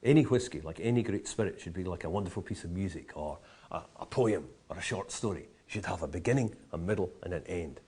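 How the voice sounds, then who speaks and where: A man's voice: low-pitched, expressive, fast talker, warm tone, breathy edge. A man teaching how to taste, enthusiastic and full of vivid comparisons and playful asides. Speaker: whisky educator. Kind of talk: explanatory tasting talk.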